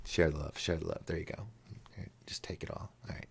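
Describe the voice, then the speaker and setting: A man's voice: rumbling low, level tone, fairly quick, gravelly, slightly rough. A man hosting a call-in show in a casual, rambling monologue, giggling often at his own jokes. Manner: rambling, restarts and trails off.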